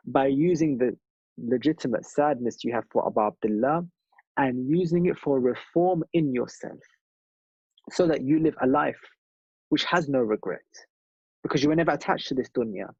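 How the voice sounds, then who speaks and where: A man's voice: mid-range voice, normal speed, pauses often, a little mellow, slightly rough, dry recording, dull audio. A man delivering a sermon at a mourning gathering, speaking earnestly with rhythmic repetition. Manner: earnest, rhythmic, repeats phrases for emphasis.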